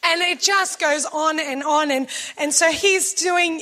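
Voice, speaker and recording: A middle-aged woman telling a story in a sermon, animated and acting out quotes with laughs. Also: extremely high pitch, normal speed, hardly any pauses. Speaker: preacher.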